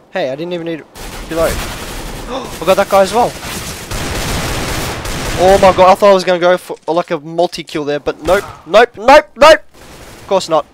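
A man commentating his own shooter gameplay, swinging between frustrated shouts, rants and quiet muttering. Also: fairly high pitch, noisy background. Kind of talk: gaming commentary. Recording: game gunfire behind the voice. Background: gunfire from the game.

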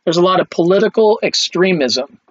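A man's voice: high-pitched, animated, a little fast, breathy edge, no room sound. A man giving a conversational film history lecture, with many fillers and restarts. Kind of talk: recorded lecture. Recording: dull lo-fi, dry recording.

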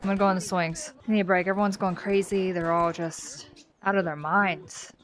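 A young woman playing horror games on her channel, gasping and reacting out loud as she goes. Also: fairly low pitch, fairly quick, background noise. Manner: excitable, yelps and gasps. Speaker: gaming YouTuber.

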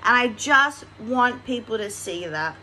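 A woman's voice: fairly high pitch, expressive, unhurried, noisy background. A woman hosting a casual commentary vlog, rambling with many fillers and restarts. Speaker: commentary channel host.

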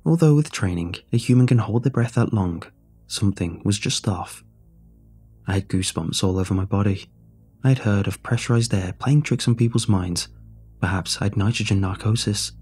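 A man reads a first-person horror story in a tense, scripted delivery. His voice is low, dark and husky. Faint music plays behind him. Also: normal speed. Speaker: narrator.

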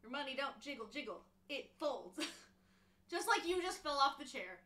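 A high-pitched woman with a bright, forceful voice hosts a casual livestream from home. She chats playfully and curses offhandedly. Between crochet steps she coos at her cat. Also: big pitch swings, normal speed. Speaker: streamer.

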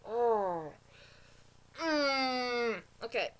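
Woman vlogger, somewhat high voice, excitable rambling rant review with gasps and exclamations. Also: moderate pace.

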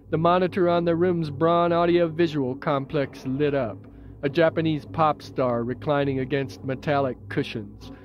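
Male author narrating, measured, mid-pitched, dry, dull tape. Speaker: author reading his novel. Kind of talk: audiobook narration.

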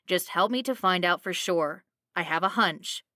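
A woman's voice: lowish voice, moderate pace, pushed and bright, dry recording, studio quality. A woman voicing Elvin, an earnest young adventurer, in a storybook reading. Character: earnest young man adventurer, calm and determined.

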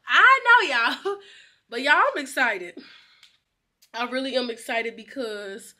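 Excitable high bright-voiced woman vlogger. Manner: excitable, laughs often, slangy. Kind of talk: casual vlog chat.

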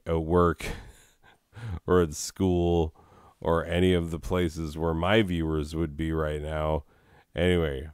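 A man with a low, smooth voice drawls through a game's text at an unhurried pace. He rambles and keeps breaking off for sarcastic jokes and filler words. The sound is dry and close, with no room around it. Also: a little mellow, dry recording. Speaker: let's play host. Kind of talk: casual commentary reading in-game text.

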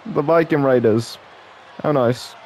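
A man chatting through a wrestling game in casual let's-play style, joking and often laughing. His pitch is ordinary for a man. Clear game noise plays behind him. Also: unhurried, darkish tone, some chatter behind. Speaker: gameplay commentator.

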